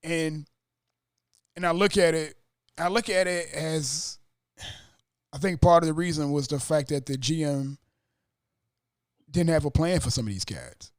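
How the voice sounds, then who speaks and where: A man hosting a casual sports podcast, talking fast and acting out his own stunned reactions. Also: fairly high pitch, no room sound, clean studio sound. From Atlanta area. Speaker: podcast host.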